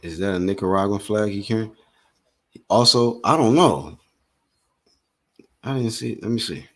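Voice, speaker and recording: A man hosting a casual live boxing commentary stream, calling the punches in a slangy, excitable way and talking to his viewers. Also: fairly low pitch, normal speed.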